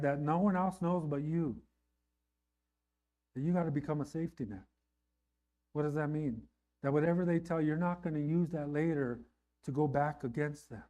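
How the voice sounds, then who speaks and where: A man's voice: fairly high pitch, warm tone. A man preaching a sermon in an earnest, conversational way, often checking in with his listeners. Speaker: pastor.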